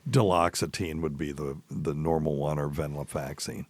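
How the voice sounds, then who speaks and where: A man's voice: a bass voice, steady tone, moderate pace, darkish tone, dry recording. A man hosting a medical call-in radio show, answering questions casually and correcting himself as he goes. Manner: thinks aloud, corrects himself. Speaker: radio show doctor host.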